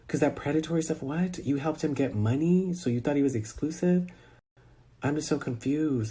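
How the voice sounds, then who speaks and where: A man's voice: fairly high pitch, moderate pace, mellow, husky. A man on a phone rant, firing off exasperated rhetorical questions in a casual, incredulous way. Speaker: social media personality. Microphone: phone held close.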